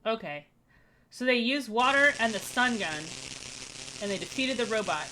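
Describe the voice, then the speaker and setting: A woman's voice: fairly high pitch, animated, normal speed, background noise. A woman streamer giving joking, chatty commentary while playing a game. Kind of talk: let's play commentary.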